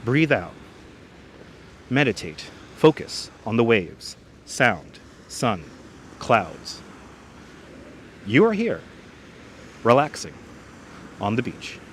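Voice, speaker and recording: A man voicing a calm, soothing meditation guide in a hushed, slow whispered role-play. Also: medium pitch, a little hiss or hum, pitched below the performer's own voice.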